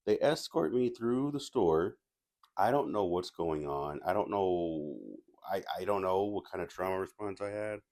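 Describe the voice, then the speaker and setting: A man's voice: deep voice, moderate pace, darkish tone. A man casually telling a personal story as a movie reviewer, rambling with restarts and asides.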